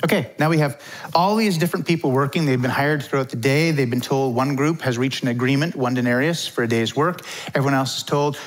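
Middle-aged guy preaching, laid-back, chatty, mid-pitched voice. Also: brisk. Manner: informal, chatty, acts out quotes. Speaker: pastor. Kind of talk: conversational sermon.

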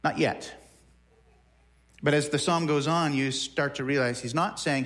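A man's voice: a little high, measured pace, fairly bright tone. A man preaching a sermon in a conversational way, often repeating words as he works through a thought. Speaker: pastor.

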